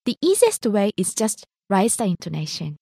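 A woman's voice: medium pitch, sing-song, moderate pace, creaky, mellow, husky, no room sound, clean studio sound. A woman language teacher on a lesson podcast, demonstrating words and giving brief explanations.

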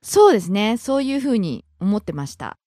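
A woman's voice: medium pitch, big pitch swings, very fast, mellow, no echo, studio quality. A woman teaching Japanese, who speaks carefully and demonstrates pronunciation. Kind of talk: lesson, pronunciation drills.

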